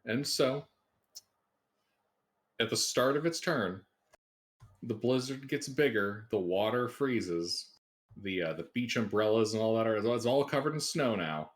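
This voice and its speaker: A man's voice: mid-range voice, measured pace, pauses often. A man narrating as game master in a tabletop game, cracking puns and laughing at his own jokes.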